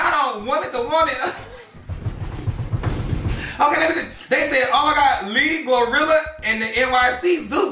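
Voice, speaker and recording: Picked up from a distance in an echoey space with faint music, a man with an extremely high, sharp-toned voice hosts a celebrity gossip commentary show, reading posts out loud and reacting in a sassy, exclamatory way.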